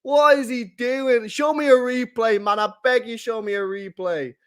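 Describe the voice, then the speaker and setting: A young man hosting a live football watchalong, reacting to the match, talking to his chat and bursting into shouts and laughter. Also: extremely high pitch, normal speed, clear, resonant tone. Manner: excitable, bursts into shouts and laughter, chats to viewers.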